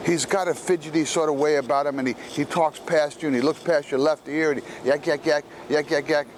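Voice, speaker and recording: A man telling a homely church story in a loose, conversational way. His voice sits a little higher than an average man's, and a faint hum of outdoor surroundings stays behind him. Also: fairly even intonation, brisk. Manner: conversational, acts out the people in his stories. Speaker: parish speaker giving a gospel reflection. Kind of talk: storytelling reflection.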